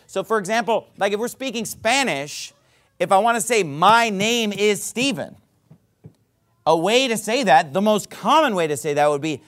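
A man's voice: high voice, a bit bright. A man preaching a sermon. He teaches in an emphatic, conversational way, often checking in with "okay?" and "right?".

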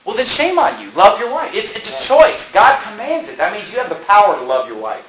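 A man's voice: high voice, wildly swooping pitch, a little fast, lo-fi sound, a crowd in the background. A man preaching a sermon as pastor, fervent and emphatic, hammering points home by repeating them. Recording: roomy echo.

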